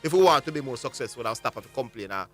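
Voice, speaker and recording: Fast, bright-voiced Jamaican man. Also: medium pitch, faint music behind. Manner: animated and argumentative, stumbles and repeats words. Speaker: sports radio host. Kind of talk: heated sports talk radio debate.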